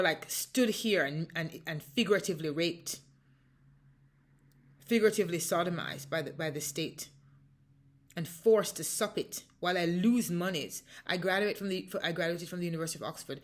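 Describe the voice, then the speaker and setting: An American woman telling an emotional personal account as a mother, impassioned and halting, often restarting her sentences. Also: on the low side, a bit bright. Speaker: mother recounting a dispute.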